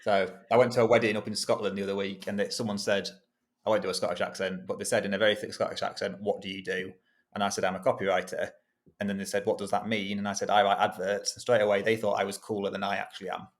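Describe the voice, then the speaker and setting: Low, flat-voiced man. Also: fast talker. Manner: chatty, self-deprecating, laughs easily. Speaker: guest, freelance copywriter. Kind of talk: casual podcast interview.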